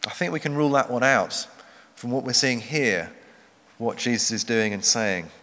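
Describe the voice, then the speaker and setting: A man preaching a sermon, earnest and measured, slowing down for emphasis. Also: mid-range voice, fairly bright tone. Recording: long hall reverb.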